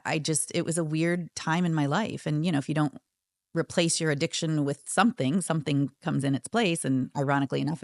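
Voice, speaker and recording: Woman, podcast guest, gravelly low voice, reflective storytelling, dry close recording. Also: no room sound. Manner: reflective, acts out quoted friends and therapist. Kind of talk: candid storytelling.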